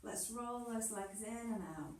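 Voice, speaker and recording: A woman's voice: fairly high pitch, little pitch movement, unhurried, a little hiss or hum. A woman instructor guiding a movement class, encouraging and playful, often laughing through the moves. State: a little out of breath. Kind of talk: guided exercise class instruction. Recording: echoey room, mic far off.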